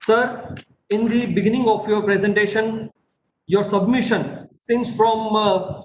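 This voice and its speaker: A man with an Indian English accent gives formal, effusive thanks in a high voice, calling the speaker 'sir'. His voice echoes around a roomy space with faint noise behind it. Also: steady tone, measured pace. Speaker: webinar moderator.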